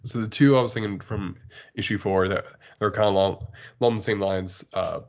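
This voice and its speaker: A man co-hosting a casual podcast chat, relaxed and laughing a lot. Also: on the low side, moderate pace, dull audio. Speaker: podcast co-host. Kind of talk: casual chat about comics.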